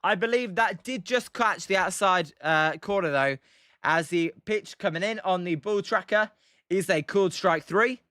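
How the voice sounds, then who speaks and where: A high, bright-toned British man calls the game pitch by pitch on a casual live stream. His voice is smooth and clear, and he keeps chatting with viewers between plays. The sound is close and dry. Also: normal speed, no room sound. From Britain. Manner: chatty, answers viewers' chat messages between pitches, many fillers. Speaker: live stream play-by-play host. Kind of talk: casual live play-by-play commentary.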